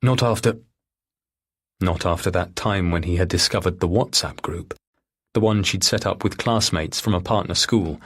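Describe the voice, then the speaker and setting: Husky low-voiced male audiobook narrator. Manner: steady, measured reading. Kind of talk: scripted narration.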